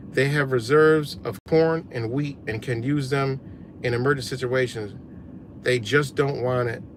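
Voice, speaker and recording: A man with a mid-range voice hosts a casual livestream, ranting animatedly with lots of profanity and talking back to viewer comments. A little hiss or hum is audible.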